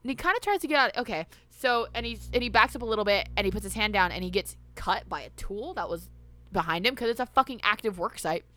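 A woman's voice: mid-range voice, lively intonation, fast talker, a bit bright. A woman in casual chat, recapping a movie scene by scene, with loose, profane asides. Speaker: podcast co-host.

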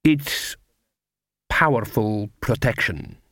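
A man reading an audiobook voices a calm, secretive older swamp witch who speaks slowly and deliberately. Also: fairly low pitch, no echo, clean studio sound, full character voice. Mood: guarded. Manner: slow, deliberate, unhurried. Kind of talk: audiobook character voice.

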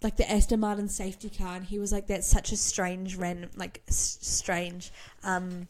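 A woman's voice: medium pitch, level tone, darkish tone. Chatty young woman co-host. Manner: chatty, giggly, fast bursts. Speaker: podcast co-host. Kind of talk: casual chat.

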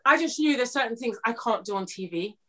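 A woman with a high voice, speaking as a podcast guest. She reflects openly and plainly on her own past. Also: expressive, fairly quick, bright, forceful tone. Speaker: actress guest. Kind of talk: podcast conversation.

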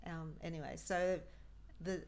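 A middle-aged woman tells a personal story in an earnest, lower-pitched voice. She slips into the voices of the people she quotes as she goes. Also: fairly even intonation, unhurried, darkish tone. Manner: earnest, acts out quoted speech. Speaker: guest, mother of a host. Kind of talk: personal storytelling in a podcast chat.

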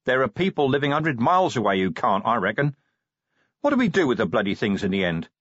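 A male narrator voicing a gruff, short-tempered middle-aged police commander in an audiobook, with a growling, exasperated delivery. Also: medium pitch, very animated, fast, fairly bright tone, no echo, highs cut off. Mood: wry. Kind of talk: audiobook character voice.

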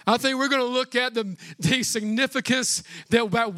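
A man preaching a sermon as pastor, in a casual, energetic way with slangy asides. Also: very high-pitched, normal speed, hardly any pauses, no echo, clean studio sound.

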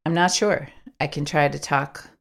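A woman with a low voice full of fry, co-hosting a podcast. She speaks softly and thoughtfully, whether reading aloud or chatting. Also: fairly even intonation, moderate pace. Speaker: podcast co-host. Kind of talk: reflective podcast chat and reading. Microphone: podcast microphone.

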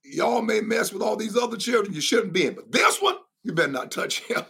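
A rough, protective country parent laying down the law with stern, repeated commands, as a man puts him on. The voice sits high and sounds bright and gravelly. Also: expressive, fairly quick, heavily acted. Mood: warning.

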